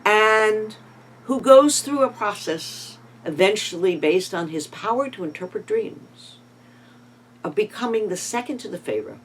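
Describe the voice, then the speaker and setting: A Torah teacher gives a sermon, retelling a scripture story with dramatic rises and drops in loudness and pointed emphasis. The speaker slips in casual asides and rhetorical questions along the way. The voice sits in a middle register over a faint background hum. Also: medium pitch, lively intonation, measured pace, low-quality recording.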